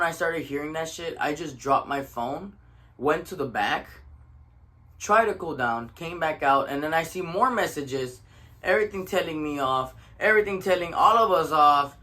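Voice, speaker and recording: A man's voice: on the high side, sharp tone. A tired young man, telling a story in a casual, profane rant that switches between English and Spanish. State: tired from little sleep.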